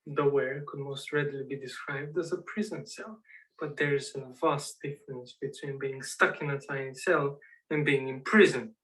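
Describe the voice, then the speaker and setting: A man playing a suave male criminal mastermind who speaks in a measured, idiosyncratic way with deliberate pauses. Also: medium pitch, fairly even intonation, a bit bright, distant mic, lightly acted, rough recording. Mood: smug, deliberate.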